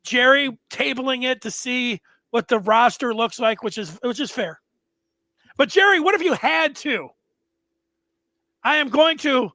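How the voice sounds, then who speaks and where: A man's voice: very high voice, animated, measured pace, pushed and bright, no echo. A man hosting a sports talk show, telling stories in a playful, joking way. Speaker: show host.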